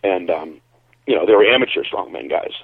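A man from Connecticut, a bodybuilder, telling a story in a relaxed, rambling way on a call-in show, heard over a tinny phone line. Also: sits low, fairly quick, creaky, breathy edge, dry recording. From Connecticut, USA. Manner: relaxed, rambling, lots of fillers. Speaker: bodybuilder and caller.

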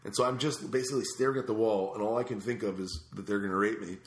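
Man, casual storyteller, rambling with fillers, quick pace, echoey room. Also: fairly low pitch. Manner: rambling, animated, with many fillers and restarts.

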